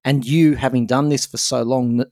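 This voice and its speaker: A man interviews a guest, asking gentle questions. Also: mid-range voice, fairly even intonation, normal speed, no echo, studio quality.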